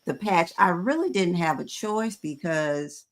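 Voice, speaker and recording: A woman in her fifties hosting a panel, talking frankly and conversationally with frequent pauses to gather her words. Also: on the low side, lively intonation. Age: 50s. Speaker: host.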